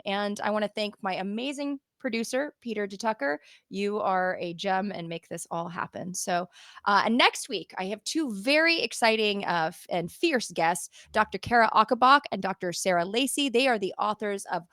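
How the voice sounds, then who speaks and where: A woman's voice: medium pitch, moderate pace, a bit bright, no echo, studio quality. Chatty, laughing woman podcast host. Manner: chatty, laughs often, frequent restarts. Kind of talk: casual interview chat.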